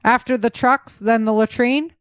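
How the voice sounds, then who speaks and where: A wry male army major calmly handing out orders, as a woman reads him. Her voice rises slightly for him, and the recording is dry and close. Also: fairly high pitch, normal speed, dry recording, pitched above the performer's own voice, close to an everyday voice. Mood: commanding.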